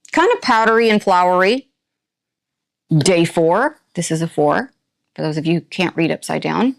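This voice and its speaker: A woman's voice: lowish voice, lively intonation, normal speed, creaky. A woman reviewing products on her channel, chatting to viewers in a playful, put-on rural drawl as she unboxes. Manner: talks to viewers while opening items.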